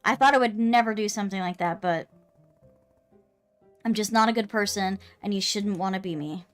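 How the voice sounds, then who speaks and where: A woman voicing a weary, remorseful woman warrior who speaks hesitantly and quietly. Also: mid-range voice, normal speed, soft background music, close to an everyday voice.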